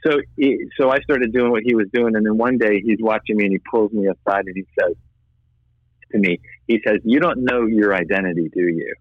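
A man, guest in an interview, telling his own story earnestly with halting restarts and repeated words. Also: on the low side, fairly even intonation, no echo. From United States. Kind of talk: personal testimony in conversation. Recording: slightly dull, dry audio.

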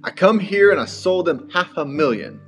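A man's voice: high-pitched, animated, racing, soft background music, pitched above the performer's own voice. A man voicing a folksy, unschooled man reading out his business letters in an exaggerated put-on accent.

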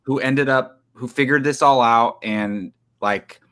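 A man's voice: mid-range voice, unhurried, pushed and bright, smooth. A man co-hosting a casual podcast chat, thoughtfully explaining his take. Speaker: podcast co-host. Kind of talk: casual pop-culture chat.

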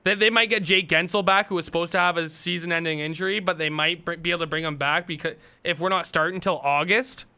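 A man co-hosting a sports podcast who leads the topics, quick and joking in casual chat. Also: on the high side, steady tone, sharp tone, smooth. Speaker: podcast co-host.

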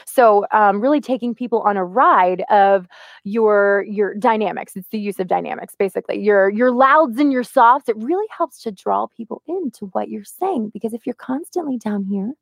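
A woman co-hosting a casual podcast and giving voice tips, with a slight vocal fry and an animated, lively delivery. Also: mid-range voice, normal speed, dry recording, clean studio sound. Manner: lively, animated, lots of laughs and vocal demos. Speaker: co-host, voice-over artist.

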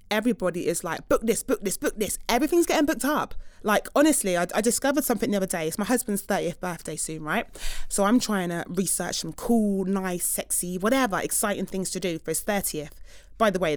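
A lively woman chats to her listeners like a friend. She laughs easily and bursts into sharp emphasis. Her voice sits dry and close to the mic. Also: medium pitch, no room sound. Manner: animated, laughing, emphatic outbursts. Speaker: podcast host. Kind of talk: casual chatty monologue.

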